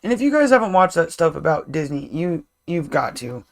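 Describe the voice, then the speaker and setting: A man with a fairly high, gravelly voice talks loosely on a podcast. He rambles through restarts and drops casual swear words. He speaks as a co-host and a parent. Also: big pitch swings, a little fast. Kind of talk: casual chat.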